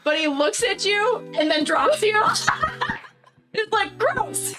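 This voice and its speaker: A woman narrating as game master, animated and laughing through quick asides. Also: very high-pitched, over loud music.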